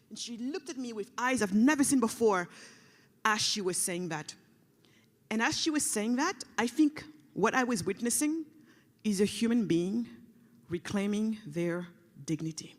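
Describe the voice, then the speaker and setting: A woman's voice: medium pitch, lively intonation, a little slow. Passionate woman speaking in a reverberant hall. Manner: passionate, shifts to hushed soft delivery for emphasis. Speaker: keynote speaker. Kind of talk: emotional storytelling speech. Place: large conference hall.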